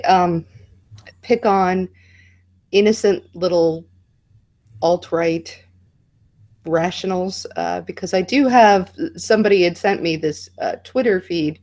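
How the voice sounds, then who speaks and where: A woman's voice: on the low side, a little mellow. A woman taking part as a guest in a casual online discussion over a video call, speaking wryly and hesitantly. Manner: wry, hesitant, reads aloud from posts.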